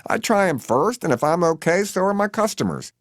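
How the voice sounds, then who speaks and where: A man's voice: sits high, big pitch swings, a little fast, no room sound, studio quality, voice pushed up. A man voicing a chatty, dotty elderly woman with a nasal, sing-song, off-kilter lilt in an audiobook. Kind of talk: audiobook character voice.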